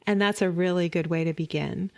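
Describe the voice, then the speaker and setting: A woman voice teacher gently guiding listeners through a vocal warm-up, giving calm step-by-step instructions with light laughs. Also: lowish voice, brisk, gravelly. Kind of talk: guided vocal warm-up lesson.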